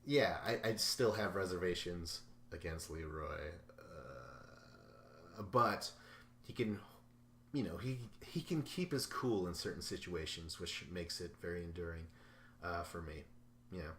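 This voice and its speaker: A man hosts a casual podcast, recapping a reality show in a loose, rambling way full of profanity. His voice sits on the low side. The room is echoey, and faint noise runs underneath. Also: lively intonation, a little slow, fairly bright tone. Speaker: podcast host. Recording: roomy echo with faint noise.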